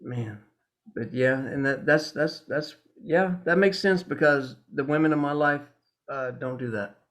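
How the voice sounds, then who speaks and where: A man's voice: medium pitch, unhurried, a bit bright. A man in a recovery coaching group, talking plainly and hesitantly about his struggles. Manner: plain, hesitant, with fillers and restarts. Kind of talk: casual chat.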